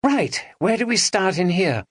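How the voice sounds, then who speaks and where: Guy doing a bubbly young woman in a storybook, high and breathless, lively swoops. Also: unhurried, breathy edge, dry recording, studio quality, exaggerated voice. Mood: giggly. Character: excitable young woman at a goth festival.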